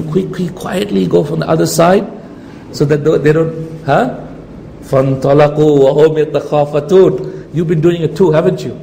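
A man giving a lecture explaining Quran verses, reciting the Arabic quickly and then acting out the scenes with lively voices. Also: fairly high pitch, creaky. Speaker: Islamic lecturer. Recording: hall reverb, faint ambient noise.

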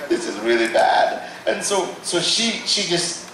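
A man giving a testimony sermon as guest preacher, telling the story in a lively way and acting out the people in it. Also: high-pitched, unhurried, a little hiss or hum. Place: large hall at a church service. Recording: echoey hall from far off, with audience.

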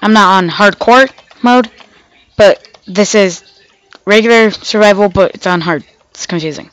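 An unhurried woman with a medium-pitched voice hosts a gaming channel, offering loose, chatty commentary as she plays. She talks to herself and to the game animals, and she sounds off from being sick. The recording is dry and rough.

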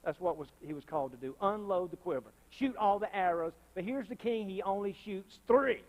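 Preaching in a church sanctuary, this pastor speaks a little fast with hardly any pauses. His voice is high and keeps breaking into loud, impassioned bursts of fire. Again and again he calls on the congregation for responses and a witness.

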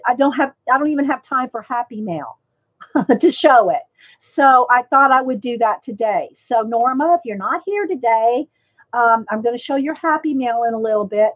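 A woman hosting a casual livestream, rambling along and greeting viewers by name. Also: on the high side. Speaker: livestream host. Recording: slightly dull lo-fi sound.

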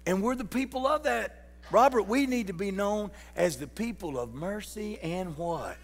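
A man's voice: sits high, lively intonation, moderate pace, big-room sound. A man preaching a sermon as pastor, folksy and joking, putting questions to his congregation. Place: church sanctuary.

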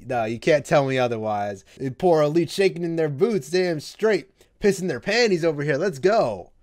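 Excitable young man reacting loudly. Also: fairly high pitch, normal speed. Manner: excitable, loud outbursts, frequent laughing and swearing, slangy. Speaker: anime reaction host.

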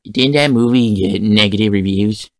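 A man's voice: lowish voice, moderate pace, dry recording, studio quality, natural voice. A man voicing a bratty, foul-mouthed, hot-tempered cartoon boy who talks crudely and flies into screaming tantrums, in a fan-made cartoon. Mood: curious.

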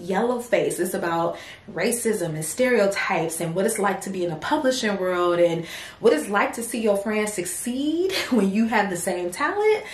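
Casting: young woman, chatty home vlogger who keeps saying y'all. Mid pitch, roomy sound. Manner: chatty, addresses viewers as y'all and girlies. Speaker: vlogger and small business owner. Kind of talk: casual chat to camera. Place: home office room.

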